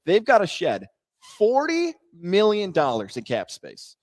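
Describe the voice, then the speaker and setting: A man's voice: sits high, huge pitch swings, a little slow. A man co-hosting a sports talk show, teasing his partner and reading out sports news with a wry edge. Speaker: co-host. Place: radio studio.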